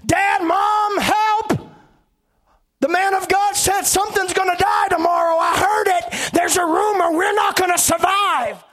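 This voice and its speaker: A preacher acting out a frightened young son who cries out to his mother and father in panic, shouting and pleading. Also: high voice, animated, takes it slowly, long pauses, full character voice. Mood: screaming panic. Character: terrified young son crying to his parents.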